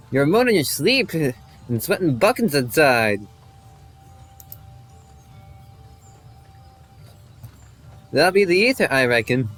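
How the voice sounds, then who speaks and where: A man voicing a gruff, folksy middle-aged cart driver with a slow, put-on regional lilt. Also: on the high side.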